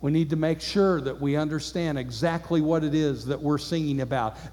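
High-voiced preacher in a reverberant hall. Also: male voice, darkish tone. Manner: measured, earnest preaching with rhetorical questions. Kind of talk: sermon with scripture reading.

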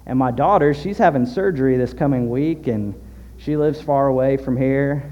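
A man from Southern Illinois preaching a sermon, telling a story and acting out the dialogue in lively voices. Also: medium pitch, moderate pace. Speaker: pastor. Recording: dull lo-fi sound with long hall reverb.

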